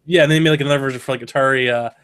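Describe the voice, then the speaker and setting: A man's voice: mid-range voice, steady tone, very fast, a bit bright, smooth. A man co-hosting a casual podcast, with a nasal, congested voice because he is sick. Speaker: podcast co-host. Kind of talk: casual chat.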